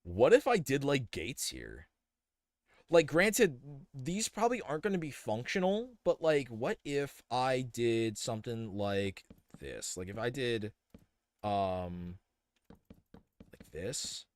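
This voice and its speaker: A man's voice: medium pitch, big pitch swings, slow, dry recording, studio quality. A young man casually thinking aloud as he streams a building game, rambling with many fillers and restarts. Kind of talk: casual live-stream commentary while building.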